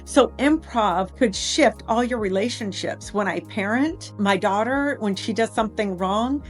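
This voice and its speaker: A middle-aged woman giving a motivational talk as an improv teacher, telling lively stories and acting out dialogue. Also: mid-range voice, a little slow, soft background music. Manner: lively storytelling, acts out dialogue. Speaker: improv teacher and life coach.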